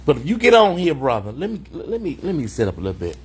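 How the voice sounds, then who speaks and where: A man with a somewhat high voice hosts an off-the-cuff livestream from a hotel room. He talks in a sassy, mocking way and calls people honey. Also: huge pitch swings, fast talker, slight background noise. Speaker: host of a livestream commentary show. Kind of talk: unscripted livestream commentary.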